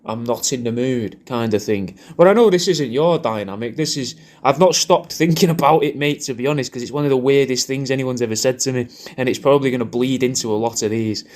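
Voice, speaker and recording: Guy rambling thru a crude birthday message, mid pitch, keeps repeating himself. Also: quick pace, hardly any pauses. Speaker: comedian recording a personalised video message.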